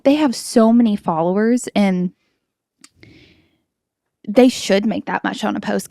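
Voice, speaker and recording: A woman's voice: medium pitch, gravelly, no echo, studio quality. A woman co-hosting a podcast, chatting casually and telling stories with quoted voices. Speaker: podcast co-host. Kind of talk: casual chat.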